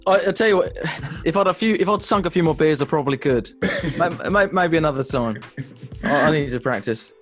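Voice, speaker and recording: A man's voice: on the high side, animated, fairly quick, faint music behind. An English man, a stand-up comedian, telling rambling self-deprecating stories with lots of swearing. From England. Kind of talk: casual comedic chat.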